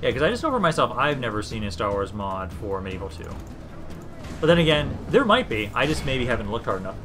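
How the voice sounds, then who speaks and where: A man's voice: mid-range voice, very animated, quick pace. A young man from Minnesota live-streaming a strategy game, chatting casually with viewers and cursing now and then. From Minnesota, USA. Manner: chatty and laid-back, swears casually, talks to chat and units. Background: game battle music.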